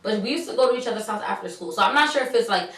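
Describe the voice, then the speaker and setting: Racing through her story, a young New York vlogger with a fairly high voice uses casual slang and animatedly acts out the dialogue. The sound is roomy, with a distant mic.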